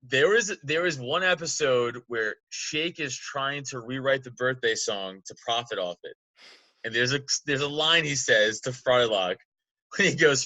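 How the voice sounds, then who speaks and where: A man in his thirties hosting a podcast in casual chat, profane and animated, laughing often. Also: medium pitch, measured pace, dry recording. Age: 30s. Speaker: podcast host.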